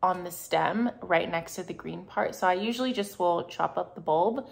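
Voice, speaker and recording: Cooking at home for a casual vlog, a young woman chats away, laughs a lot and frets aloud. Her voice is on the low side with vocal fry, at a normal speed.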